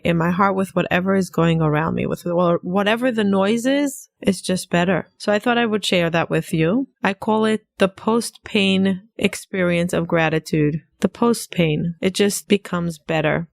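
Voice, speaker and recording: Gravelly-voiced earnest woman podcaster. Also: lowish voice. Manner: earnest, warm-hearted, speaks in repetitions. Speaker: podcast host. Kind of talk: solo podcast talk.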